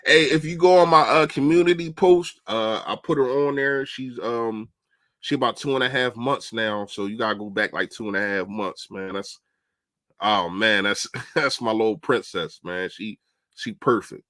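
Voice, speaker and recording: A man's voice: fairly low pitch, normal speed, a bit bright, no echo. A young man on a casual football livestream, chatting animatedly and answering viewers' comments. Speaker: livestream host. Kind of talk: casual live-stream football talk.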